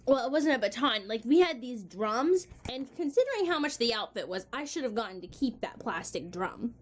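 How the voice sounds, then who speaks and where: A woman's voice: a little high, big pitch swings, moderate pace, slight background noise. A woman in her twenties talking casually to the camera in a vlog, chatty and exasperated, laughing between lines. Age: 20s. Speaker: vlogger.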